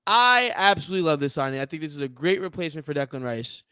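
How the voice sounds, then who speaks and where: A man's voice: fairly high pitch, fast, clear, resonant tone, no echo, clean studio sound. A man co-hosting a podcast, chatting casually and animatedly about sports, with lots of fillers and jokes. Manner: animated, jokey, hesitant with fillers. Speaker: podcast co-host.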